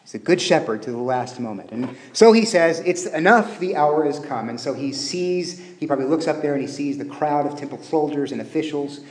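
A man preaching a sermon, explaining scripture and briefly acting out the figures in it. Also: fairly high pitch. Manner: lively, acts out biblical figures in quick asides. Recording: echoey room.

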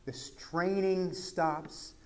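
A man from Texas, a pastor, preaching a conversational sermon that swings from quiet asides to loud, emphatic peaks. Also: sits high, fairly even intonation, drawn-out words, a little hiss or hum.

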